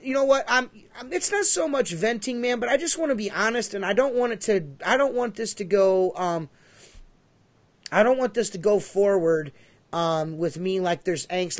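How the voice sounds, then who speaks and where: A man's voice: sits high, no room sound. A man co-hosting a casual livestream podcast, rambling and emphatic with a lot of swearing. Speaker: podcast co-host.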